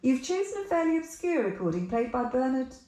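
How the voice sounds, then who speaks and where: An actress playing a polished female radio presenter with a smooth, measured delivery. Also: high voice, big pitch swings, dark tone. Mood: polite. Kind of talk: stage play acting. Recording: roomy stage sound.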